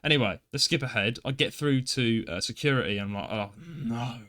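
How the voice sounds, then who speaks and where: Young east london guy on a podcast, animated storytelling, swears a lot, normal pitch. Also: fast. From England. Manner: animated, acts out voices, swears freely. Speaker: podcast co-host. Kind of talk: casual storytelling chat.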